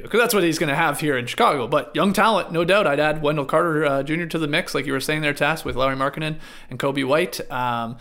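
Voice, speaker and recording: A man's voice: fairly high pitch, quick pace, fairly bright tone. A man hosting a sports panel, upbeat and playful as he hands questions to guests. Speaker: host.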